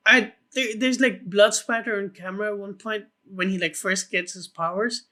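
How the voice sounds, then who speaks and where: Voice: medium pitch, fairly even intonation, normal speed, bright, forceful tone. A co-host on a casual film podcast, talking with blunt enthusiasm and some swearing.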